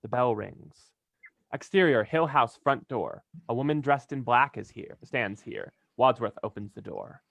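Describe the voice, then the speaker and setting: A man's voice: mid-range voice, a little slow, gravelly, a bit bright. A man reading a script's stage directions aloud in a plain delivery, now and then tripping over a word. His voice sits mid-range and sounds close and dry, with no room echo. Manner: plain, occasionally stumbling and laughing.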